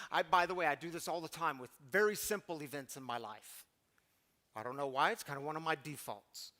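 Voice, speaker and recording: A middle-aged man heading a recovery group talks briskly in a fairly high, expressive voice with a bright, forceful tone. Earnest throughout, he acts out pleading quotes that grow more intense.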